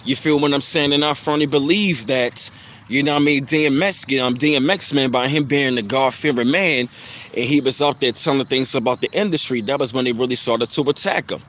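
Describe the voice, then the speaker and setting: A man's voice: medium pitch, a little fast, a bit bright, slight background noise. A man hosting a casual live stream, speaking in a loose, reflective way with plenty of fillers and repeated phrases.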